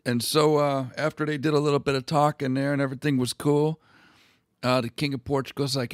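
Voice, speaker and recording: A man's voice: mid-range voice, little pitch movement, brisk, dry recording, studio quality. A man hosting a history video, retelling old documents in a casual, crude and irreverent way.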